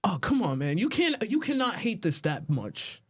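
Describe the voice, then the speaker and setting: A man's voice: sits high, very animated, normal speed, husky. Eager, argumentative male co-host. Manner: eager, argumentative, pleading his case. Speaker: podcast co-host. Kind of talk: casual chat.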